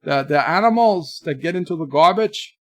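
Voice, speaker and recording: A man's voice: on the high side, animated, normal speed, dry recording, close to an everyday voice. A man putting on a bumbling Quebec character, hesitant and groping for words in a jokey way. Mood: goofy.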